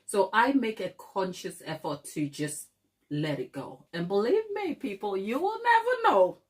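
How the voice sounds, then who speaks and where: Her voice sits at medium pitch with a sing-song lilt and a measured pace. She's a middle-aged woman from Africa who hosts a baking channel, chatting casually on a livestream, laughing a lot and addressing viewers as darling.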